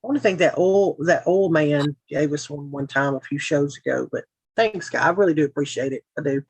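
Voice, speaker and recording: Speaking from her home, this Middle Tennessee livestream host has a low, slightly rough voice and talks a little fast in her Tennessee Southern accent. She's frank and sarcastic, chatting casually and drifting into frequent asides. There's no echo, but the audio is poor.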